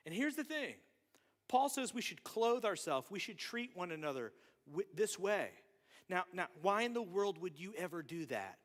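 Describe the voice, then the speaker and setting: A man in his thirties preaching a sermon, chatty and animated, talking straight to the congregation with quick asides. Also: high-pitched. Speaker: pastor. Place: church hall. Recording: long hall reverb.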